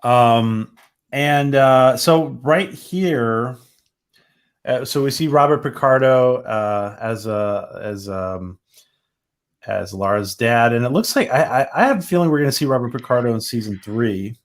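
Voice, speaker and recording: A man hosting a casual live-stream review, relaxed and enthusiastic, often pausing with fillers. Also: mid-range voice. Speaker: show host.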